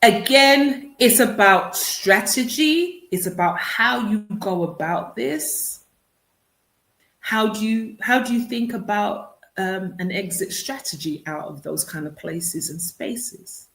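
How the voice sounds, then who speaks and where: A woman's voice: medium pitch, slow pace, gravelly, fairly bright tone. A woman speaking as an author and consultant in an interview, explaining things earnestly and often repeating words as she starts a thought again. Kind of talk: radio interview answers. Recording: roomy echo.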